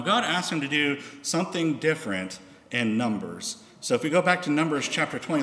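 A man's voice: mid-range voice, a bit bright. A man preaching a sermon, reading scripture aloud with dramatic emphasis and acting out the quoted voices. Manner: reads scripture in a raised, dramatic voice. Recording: echoey hall.

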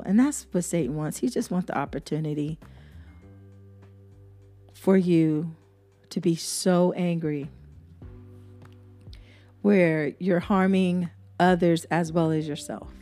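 Slow, earnest woman podcast host preaching. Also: fairly low pitch, warm tone. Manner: earnest, preacherly, repeats herself for emphasis. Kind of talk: devotional podcast talk with scripture reading.

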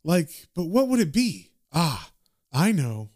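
A man's voice: fairly high pitch, big pitch swings, slow pace, a little mellow, full character voice. A man reading aloud the lines of a blunt, teasing young woman.

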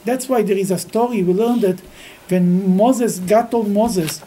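Dark-voiced man teaching a scripture class. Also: high voice, poor audio. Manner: halting, with frequent restarts, grows lively while telling stories. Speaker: Torah teacher.

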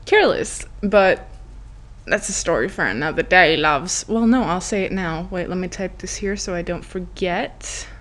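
A woman's voice: fairly low pitch, moderate pace, a bit bright, slight background noise. A woman hosting a podcast, telling a story in a chatty, giggly way, full of "like" and acted-out quotes. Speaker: podcast host. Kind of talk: casual storytelling monologue.

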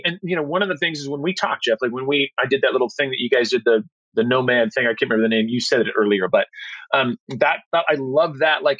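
A man's voice: mid-range voice, no echo, highs cut off. A man chatting as a podcast guest, telling stories in a rambling way with many restarts and fillers. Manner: animated when retelling stories. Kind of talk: casual storytelling chat.

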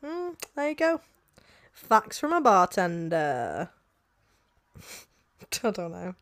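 A woman's voice: lowish voice, wildly swooping pitch, takes it slowly, a bit bright. A woman, co-hosting a podcast in casual chat, teasing and giggly. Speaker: podcast co-host.

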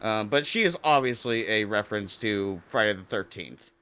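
A man's voice: fairly low pitch, moderate pace, pushed and bright, clean tone. A young man co-hosting a podcast, rambling through a casual movie review chat, swearing and laughing often. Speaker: podcast co-host.

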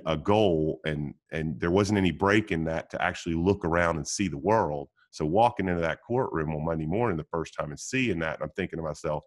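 A middle-aged man talking casually as a podcast guest, telling stories with halting restarts and frequent laughs. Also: low voice.

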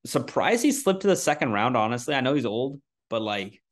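A man's voice: medium pitch, big pitch swings, fairly quick. A man on a sports podcast, chatting casually in a rambling, self-mocking way with many restarts.

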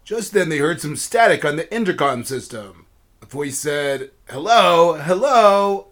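A man narrating a children's story in a steady storytelling manner. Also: fairly high pitch, normal speed.

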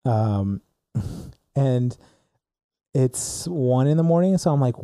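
A young man tells a story on a podcast and rambles with lots of "like"s. His voice is very dark and mellow. The sound is dry and close. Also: mid-range voice, takes it slowly, pauses often, clear, resonant tone, no echo. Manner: rambling, animated storyteller with many "like"s. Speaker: podcast co-host. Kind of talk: casual storytelling chat.

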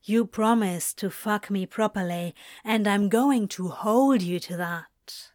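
A woman reading a story, voicing an adult male demon who speaks in a dry, low-key way. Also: slow, darkish tone, dry recording, natural voice. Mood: wry.

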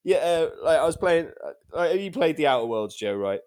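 A man's voice: on the high side, very animated, a little fast, darkish tone. A man co-hosting a podcast, telling stories with a laugh and some swearing. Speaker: podcast co-host. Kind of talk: casual banter.

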